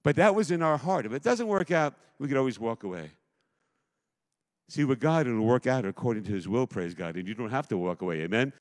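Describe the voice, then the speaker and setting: A middle-aged man preaching a sermon as pastor, emphatic, swinging between loud declarations and hushed asides. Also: medium pitch, animated, a little fast. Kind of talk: impassioned sermon. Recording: long hall reverb.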